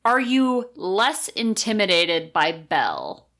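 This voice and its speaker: A woman's voice: medium pitch, sing-song, takes it slowly, a bit bright. A woman co-hosting a podcast, chatting casually about anime with playful, teasing banter. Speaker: podcast co-host. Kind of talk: casual chat.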